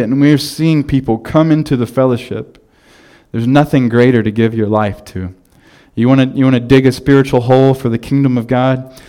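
A man in his thirties preaching a sermon as pastor, telling stories in a relaxed, conversational way with frequent restarts. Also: medium pitch, fairly quick.

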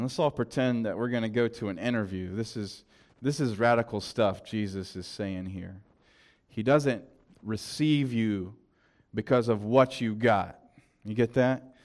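A man's voice: mid-range voice, a little mellow. Southern guy preaching, talks like he's chatting w/ the church, lots of restarts. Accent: Southern American. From American South. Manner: conversational preaching, quick asides and restarts. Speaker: pastor. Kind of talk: sermon.

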